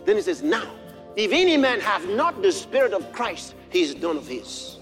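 A man preaching a sermon. He moves from quiet storytelling to shouted exhortation and quotes scripture in old-fashioned wording. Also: high-pitched, big pitch swings, normal speed, faint music behind.

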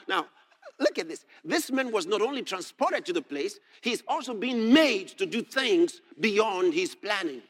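Male preacher, high expressive voice, animated sermon delivery that swells to shouting. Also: measured pace. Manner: animated, rising to shouts when reading scripture; explains verse by verse, asks "All right?" and "Okay?".

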